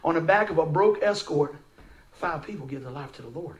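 A man preaching a sermon, telling a story in a folksy, animated way with frequent asides to his listeners. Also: fairly high pitch, a little fast.

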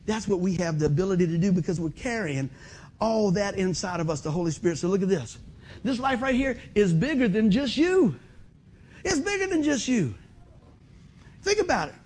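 A middle-aged man preaching a sermon in a folksy, animated way, acting out other people's voices. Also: high voice, normal speed, husky. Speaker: pastor.

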